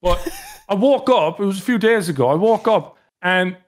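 A man's voice: high voice, lively intonation, moderate pace. A man with an Irish accent, a podcast guest telling long rambling stories in casual chat and laughing as he goes. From Ireland.

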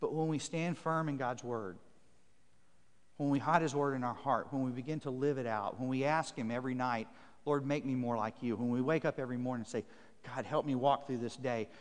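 A man preaching a sermon as pastor to his congregation, building emphatic repeated phrases and reading scripture aloud. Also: medium pitch. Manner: emphatic, repetitive preaching cadence. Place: church sanctuary. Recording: long church reverb.

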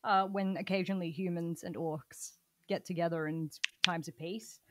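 A woman co-hosting a podcast in casual chat, playful and quick to joke. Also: fairly low pitch, steady tone, background noise. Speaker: podcast co-host.

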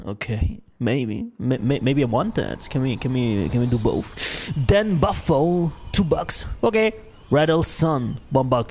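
A male streamer chatting casually as he reads donations aloud, joking and swearing freely. His voice has a medium pitch and sounds worn from an hour of talking. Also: animated, slow pace, a little mellow. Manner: loose, joking, profane banter. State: strained, tiring voice. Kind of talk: casual live-stream chat.

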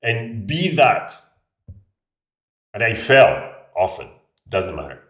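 Brief: French-accented man, casual vlog, rambling delivery, lowish voice, roomy echo. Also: very animated, takes it slowly, fairly bright tone. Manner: rambling, restarts phrases, frequent "like". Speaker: vlogger. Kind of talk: casual talk to camera. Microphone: camera. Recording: echoey room, voice a bit far off.

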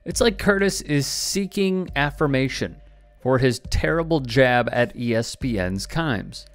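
A man delivers scripted sports commentary in a wry, pointed way. His voice sits at an ordinary middle pitch, and a faint music bed runs quietly behind him. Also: lively intonation, measured pace, no room sound. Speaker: sports news host.

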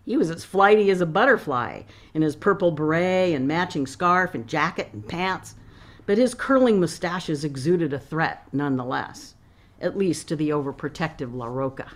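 A woman author reading her novel aloud in a measured, expressive way. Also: low-pitched.

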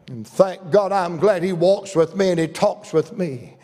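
A man's voice: fairly high pitch, moderate pace, few pauses, darkish tone. An older man with a Southern American accent, preaching a folksy, humorous revival sermon in a church. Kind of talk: storytelling sermon. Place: church sanctuary. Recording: long church reverb.

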